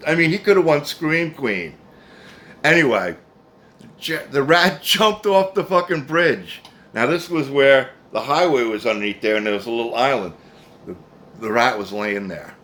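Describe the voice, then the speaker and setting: A man's voice: medium pitch, animated, measured pace, a bit bright. A man in his fifties telling a rambling, profane story casually, full of "anyway" asides. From New Jersey, USA. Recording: faint background noise.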